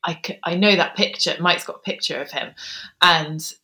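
A woman in her thirties, a guest author telling a personal story in an interview, soft-spoken and hesitant, pausing often with ums. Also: fairly low pitch, fairly even intonation, low-quality recording.

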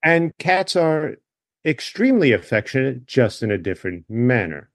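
A man guest chatting loosely in an interview, his voice neither high nor low. He rambles happily into side tracks before finding his way back. The sound is close and dry, with no room around it. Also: big pitch swings, normal speed, dry recording. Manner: chatty, wanders into tangents. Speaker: author guest. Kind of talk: casual interview chat.

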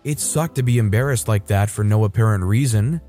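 Man narrating a story over faint music. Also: fairly quick. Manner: steady first-person storytelling, puts on a higher voice for quoted women. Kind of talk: scripted narration of a reader story. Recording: soft music bed behind. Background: faint background music.

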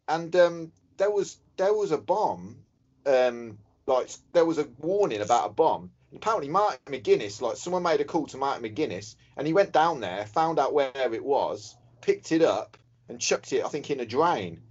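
A man's voice: a little high, normal speed. A man, co-hosting a casual football podcast, telling stories and joking. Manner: animated storyteller, joking. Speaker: podcast co-host. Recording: dull lo-fi recording.

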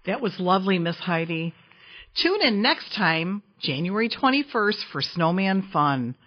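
A woman host announces upcoming library events in a clear, informative way. Her voice is slightly breathy and lively in pitch. The recording is dry and a little dull. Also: measured pace, no echo. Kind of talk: program announcement.

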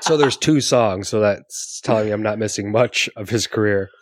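A man's voice: on the low side, normal speed, no room sound. A man playing in a tabletop game, making dry, wry remarks. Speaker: player. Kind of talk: casual banter before a tabletop game.

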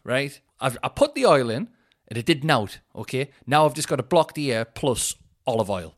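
A man's voice: mid-range voice, big pitch swings, moderate pace. Sweary, ranting man. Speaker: podcast host. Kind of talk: casual solo chat. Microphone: headphones in, home podcast mic.

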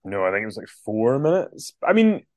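A man co-hosts a laid-back wrestling podcast, chatty and loose, often pausing on an "um". His voice sits at an ordinary middle pitch and comes through dry and close to the mic. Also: big pitch swings, no echo. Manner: chatty, reads out quotes with frequent ums. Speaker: podcast co-host. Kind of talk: casual wrestling podcast chat.

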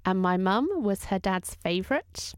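A woman co-hosting a podcast, telling a family story in a lively, animated way. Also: mid-range voice, a little slow, clear, resonant tone, no echo, studio quality. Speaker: podcast co-host. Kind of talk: casual chat, storytelling.

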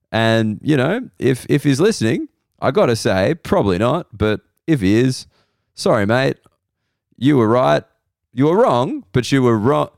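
An Australian comedian hosting a podcast, telling rambling self-deprecating stories slowly, his voice hoarse and worn. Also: medium pitch, dry recording, studio quality. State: losing his voice. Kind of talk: casual comedic monologue.

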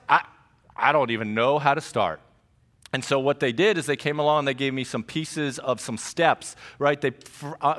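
A middle-aged man preaching a sermon as pastor, telling stories with jokes and lively asides. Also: medium pitch. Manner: animated storytelling with jokes and asides.

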